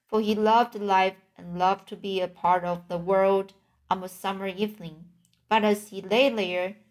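Slow, gentle woman reading a storybook. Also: mid-range voice. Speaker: audiobook reader. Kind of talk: storybook narration.

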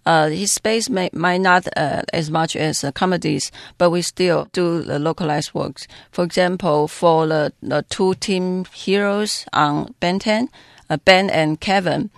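Dubbing director, gravelly voice, stops and restarts a lot, dry close sound. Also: medium pitch, dry recording. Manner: hesitant, halting with many fillers. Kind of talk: interview answers.

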